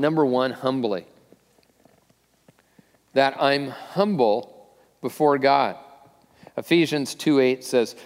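A male pastor delivers a sermon in a relaxed, conversational way, stopping and restarting his sentences and leaning on filler words. His voice sits at an ordinary middle pitch. The sound carries a long reverb from the church hall. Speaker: lead pastor.

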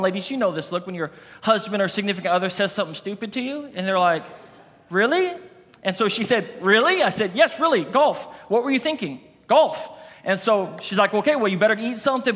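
A man's voice: high voice, fairly bright tone. A man in his thirties, a campus pastor, preaching a sermon and telling a funny personal story, acting out the dialogue. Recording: long hall reverb.

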